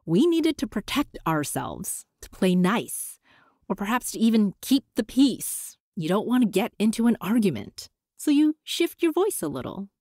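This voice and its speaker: A woman hosting a solo podcast, coaching listeners in an encouraging, animated way with playful voice shifts. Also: medium pitch, moderate pace, no echo, studio quality. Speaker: podcast host.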